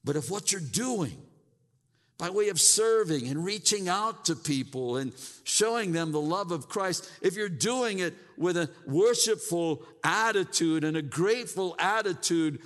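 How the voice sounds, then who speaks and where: A man's voice: sits high, expressive, unhurried, fairly bright tone, long reverb tail. A man preaching a sermon as pastor, often repeating words and stumbling into restarts as he builds his point. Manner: repeats words, mimics grumbling churchgoers.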